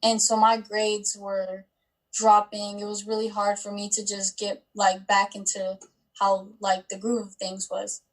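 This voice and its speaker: A woman's voice: mid-range voice, completely flat delivery, unhurried, poor audio. Chatty young woman telling her story. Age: 20s. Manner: chatty, with many likes and ums. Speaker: guest. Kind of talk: casual interview storytelling.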